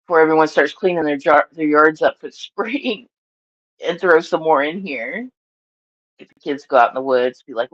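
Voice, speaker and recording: A woman's voice: sits low, normal speed, fairly bright tone, dull audio. Chatty Southern woman live-streaming. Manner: chatty and rambling, laughs often, Southern phrasing. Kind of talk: casual live-stream chat.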